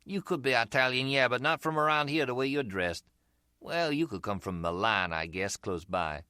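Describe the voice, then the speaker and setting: A man's voice: medium pitch, moderate pace, sharp tone, smooth, no room sound, clean studio sound, pitched above the performer's own voice, natural voice. A man voicing a middle-aged, easygoing street hustler who sells umbrellas and talks in a chatty, slangy way.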